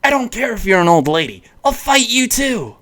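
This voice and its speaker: A man voicing a brash, foul-mouthed young boy who shouts defiantly in a raised voice. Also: very high-pitched, very animated, normal speed, pitched above the performer's own voice, full character voice. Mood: angry defiant.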